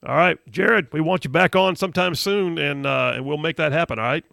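A man's voice: a little high, a little fast, gravelly, pushed and bright, no room sound, clean studio sound. A man hosting a talk radio show, speaking in an emphatic, fired-up way.

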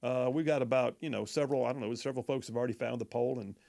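A man's voice: mid-range voice, racing, creaky, dark tone. Male talk radio host, folksy, loose delivery, trips over words. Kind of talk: talk radio reading listener texts.

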